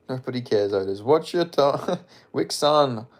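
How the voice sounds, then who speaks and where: A man's voice: medium pitch, expressive, a little slow. Rambling man on a livestream. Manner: rambling, frequent profanity, offhand. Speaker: streamer. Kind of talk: casual livestream chat, reading comments aloud.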